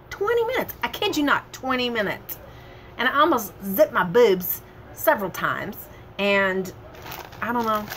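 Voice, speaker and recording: A woman hosting a casual home vlog, chatting in an animated, talkative way. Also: fairly high pitch, background noise. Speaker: vlogger host.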